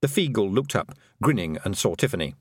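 A man narrating a children's fantasy audiobook, expressive and playful. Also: fairly low pitch, a little fast, slightly rough, dry recording, studio quality. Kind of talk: scripted narration.

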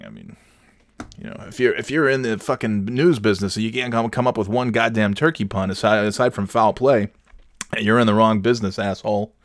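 A man's voice: fairly low pitch, animated, a little fast, vocal fry, no room sound, clean studio sound. A man hosting a podcast, rambling through a profane, sarcastic comedic rant. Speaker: podcast host.

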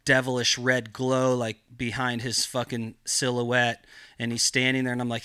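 Bright-voiced, foul-mouthed man telling a story. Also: mid-range voice, monotone, normal speed, smooth, no echo, studio quality. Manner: heavy swearing, rambling with lots of filler. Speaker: podcast guest, cannabis grower. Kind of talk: casual storytelling.

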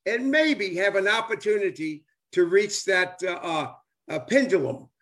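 This older man speaks with a lilt, and his voice sits higher than most men's. His casual chat rambles with enthusiasm, stumbling over fillers and restarts as he chases his point. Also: expressive, unhurried, fairly bright tone. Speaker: former ballplayer and author. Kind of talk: casual chat on a live stream.

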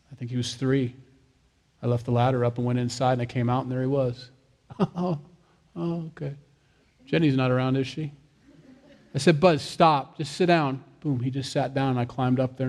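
A man's voice: mid-range voice, a little mellow. A man, a father of young kids, preaching a sermon in a conversational way, with jokey asides and acted-out quotes. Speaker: pastor.

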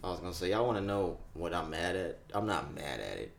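A young man co-hosting a casual podcast, reacting to news stories loudly, swearing and laughing often. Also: deep voice, big pitch swings, fast talker, creaky. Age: young adult. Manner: loud, profane, laughs often. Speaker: podcast co-host.

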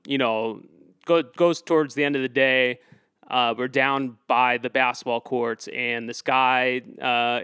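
A man's voice: medium pitch, fairly bright tone, clear, resonant tone, no room sound. A man telling a story in an interview, rambling with lots of fillers and restarts, and getting heated and emphatic as he goes. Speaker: activist guest.

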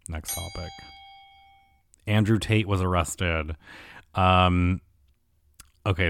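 Deep-voiced man ranting, crude and rambling. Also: no room sound, studio quality. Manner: rambling, crude, lots of filler. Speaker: commentary podcast host. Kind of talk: casual comedic rant.

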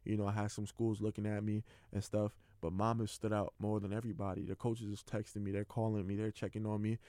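A man's voice: lowish voice, level tone, dark tone, no room sound. A young man, a college football player, hosting his own podcast and speaking candidly and earnestly about his life, with lots of casual fillers. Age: young adult. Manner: earnest, heartfelt, rapid and loose with many fillers. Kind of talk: candid personal monologue.

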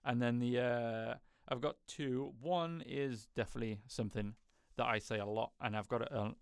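Gravelly laid-back male co-host. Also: medium pitch, steady tone, moderate pace, no echo, clean studio sound. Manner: laid-back, short agreeing replies. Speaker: podcast co-host. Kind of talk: casual chat.

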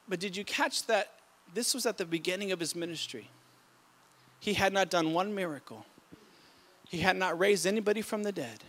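High, bright-voiced impassioned male preacher. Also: expressive, moderate pace, pauses often. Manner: impassioned preaching with sudden loud emphatic bursts; repeats and restarts words mid-sentence. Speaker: pastor. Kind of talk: sermon.

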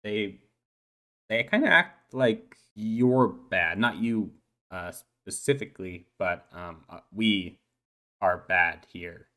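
A man's voice: fairly low pitch, takes it slowly, pushed and bright. A man doing a shy, stammering dolphin schoolboy. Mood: hesitant, nervous. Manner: hesitant, stammering, full of ums and restarts. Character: eight-year-old male uplifted dolphin schoolboy, shy, rambling. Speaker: player. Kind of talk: tabletop role-play, in character.

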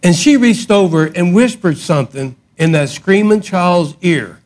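A middle-aged man preaching a sermon, swinging from loud emphatic outbursts to hushed lines. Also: high voice, animated, a little slow. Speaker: pastor.

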